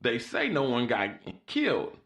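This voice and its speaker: A man hosting a casual podcast chat, recounting news stories in an animated way and laughing often. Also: mid-range voice, unhurried. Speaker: podcast host.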